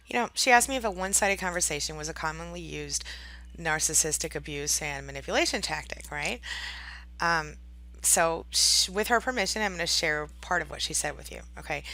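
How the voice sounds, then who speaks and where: A woman's voice: fairly low pitch, a little fast, pushed and bright. A woman coaching abuse survivors in a direct-to-camera advice talk, chatty and constantly checking in with "right?" and "okay?", acting out the voices she quotes. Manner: acts out quoted voices dramatically.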